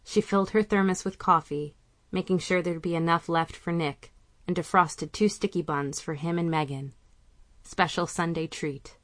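Woman narrator, low voice, calm measured reading, dry close sound. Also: dry recording. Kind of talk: audiobook narration.

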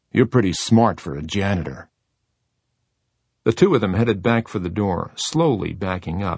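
A man narrating a horror audiobook in a measured, deliberate way. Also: lowish voice, gravelly, a little mellow, breathy edge, no echo.

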